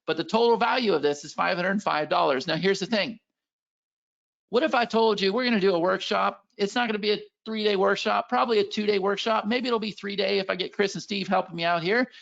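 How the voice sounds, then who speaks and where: A man giving a hyped, pushy sales pitch as the presenter of a live webinar. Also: brisk, creaky, fairly bright tone, muffled recording.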